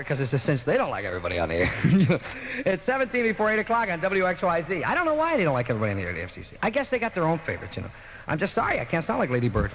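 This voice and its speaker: A man's voice: high-pitched, long reverb tail, a little hiss or hum, low-quality recording. A man working as a radio disc jockey in a studio, rambling through joking banter and ad reads and acting out both sides of conversations. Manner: wisecracking, rambling, acts out both sides of dialogues.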